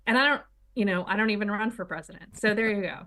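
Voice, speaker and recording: A woman's voice: mid-range voice, quick pace, bright, forceful tone. Sardonic woman talk show co-host. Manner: opinionated, sardonic, argues point by point. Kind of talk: political talk show chat.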